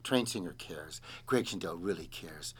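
Lively, rambling man with a self-deprecating streak. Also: low voice, normal speed, breathy edge. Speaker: host and singer. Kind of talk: casual rambling monologue.

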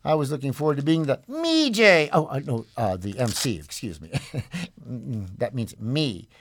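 A man's voice: medium pitch, sing-song, moderate pace, fairly bright tone. A man hosting a community radio show in a loose, joking, rambling way. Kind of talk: casual on-air radio chat.

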